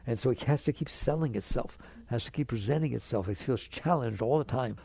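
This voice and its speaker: Gravelly, mellow male spiritual teacher. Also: mid-range voice, no room sound. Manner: conversational, direct address with rhetorical questions; soothing, coaxing the listener to relax. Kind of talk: spiritual talk to an audience.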